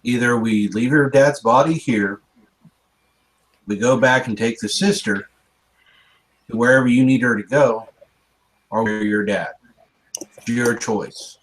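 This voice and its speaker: A man's voice: mid-range voice, unhurried, long pauses, poor audio. A man playing a tabletop game, speaking bluntly and impatiently. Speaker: player. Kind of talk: in-character tabletop role-play.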